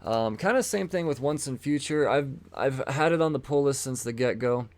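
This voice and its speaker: A man's voice: mid-range voice, expressive, normal speed, darkish tone, dry recording. A man hosting a comic book podcast, talking casually and with enthusiasm, rambling and often repeating his words as he goes. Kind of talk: casual solo talk showing comics.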